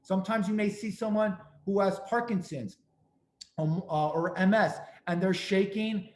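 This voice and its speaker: A man's voice: high-pitched, moderate pace, echoey room, slight background noise. A man hosting a talk, giving earnest, emphatic advice and stressing his key points over and over. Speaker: host and speaker on restaurant accessibility.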